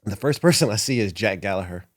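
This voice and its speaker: Man, low voice, wrestler guest, casual interview, animated storyteller, dry studio sound. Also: quick pace, dry recording. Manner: animated, laughs often, acts out quotes. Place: podcast studio. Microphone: studio microphone.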